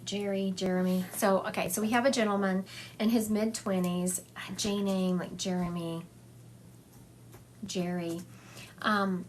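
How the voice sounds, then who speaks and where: A woman's voice: medium pitch, fairly even intonation, a little slow, slight background noise. A woman psychic medium giving a chatty livestream reading, relaying and acting out spirit messages for her viewers. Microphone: phone livestream.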